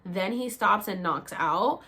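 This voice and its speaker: This young woman, a vlogger with a medium-pitched voice, shares a personal story at a slow pace. She swears openly, keeps it casual and animated, and performs other people's lines.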